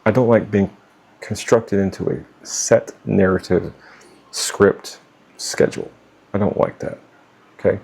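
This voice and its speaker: A man's voice: fairly low pitch, fairly even intonation, a little slow, vocal fry, pauses often, darkish tone, husky. A middle-aged man giving blunt, profane life advice off the cuff, stumbling and restarting as he talks. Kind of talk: unscripted talk to camera.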